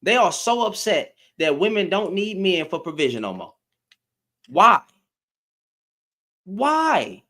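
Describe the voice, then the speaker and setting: An exasperated man rants through a live stream, his voice a little higher than most and swinging widely in pitch. He hammers the same phrases again and again and swears as he talks. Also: very animated, moderate pace, few pauses, a bit bright. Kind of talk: heated commentary.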